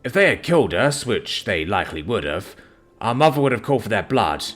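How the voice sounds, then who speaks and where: A man's voice: fairly low pitch, very animated, a little fast, fairly bright tone, soft background music. A man voicing a young male orc warrior who speaks respectfully but boldly. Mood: earnest.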